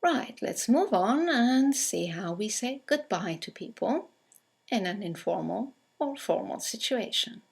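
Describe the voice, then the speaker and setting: A woman teaching English in a scripted lesson, speaking with clear, careful delivery as she reads out example phrases. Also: a little high, very animated, measured pace.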